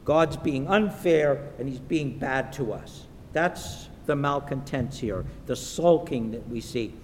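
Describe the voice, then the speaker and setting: A man preaching a sermon in a church, slow and emphatic, sometimes acting out the voices of the people in his stories. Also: animated. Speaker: pastor. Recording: echoey hall with faint rumble.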